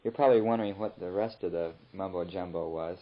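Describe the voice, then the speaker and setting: A young missionary man recording a rambling, relaxed spoken letter home in his flat. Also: low-pitched, fast talker. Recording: muffled old tape recording.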